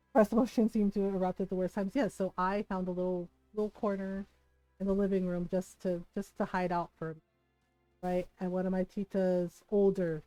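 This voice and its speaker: While gaming on stream, a woman of Filipino family background talks openly and profanely with viewers, often breaking into laughter mid-sentence and ending lines with "right?". She has a warm, medium-pitched voice. The recording has no room sound but poor audio quality.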